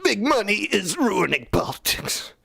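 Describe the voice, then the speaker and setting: A man putting on a high, strained voice to impersonate an earnest older male politician. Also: very animated, unhurried, vocal fry, bright, forceful tone, breathy edge, exaggerated voice.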